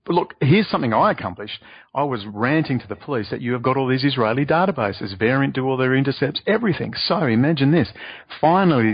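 An excitable man talks as an interview guest, his voice husky and breathy. He rants and jumps sharply upward in pitch to press his points. The sound is dry and dull, like lo-fi audio. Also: no room sound. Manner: excitable, ranting, voice leaps up for emphasis. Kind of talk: remote interview conversation.

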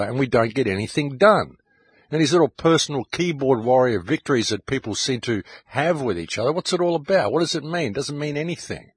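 A man's voice: medium pitch, slightly rough, no echo. A middle-aged man hosting a radio show, delivering an impassioned, urgent monologue straight to his listeners. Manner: ranting, urgent, addresses listeners directly.

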